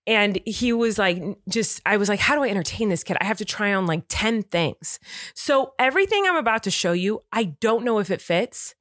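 A woman in her thirties co-hosting a podcast, telling a family story in lively casual chat and acting out the quotes. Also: medium pitch, fairly quick, dry recording, clean studio sound. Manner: animated storytelling, acts out quotes. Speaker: podcast co-host.

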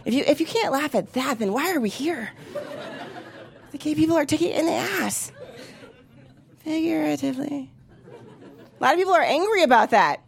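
Woman, 30s, stand-up comic; high voice, brash, profane delivery. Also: animated, moderate pace, creaky, pauses often. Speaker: stand-up comedian. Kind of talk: stand-up comedy set.

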